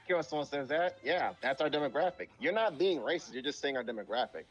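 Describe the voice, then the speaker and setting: Blunt, profane man with a lively voice. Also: on the high side, fast, few pauses, dull audio, soft background music. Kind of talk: casual chat.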